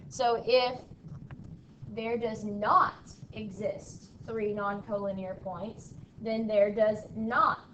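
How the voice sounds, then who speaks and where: A woman's voice: medium pitch, flat delivery, slow pace, fairly bright tone. A woman teacher leading a math lesson in a classroom, drilling her students with call-and-response and a frequent "okay?". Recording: echoey room from far off, faint background noise.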